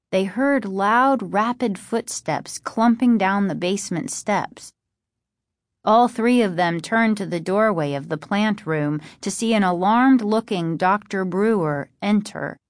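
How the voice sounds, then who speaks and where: A woman narrates a spooky children's chapter book in a measured, dramatic way. She takes her time over each phrase. The recording is close and dry. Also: mid-range voice, dry recording. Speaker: audiobook narrator. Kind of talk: scripted narration.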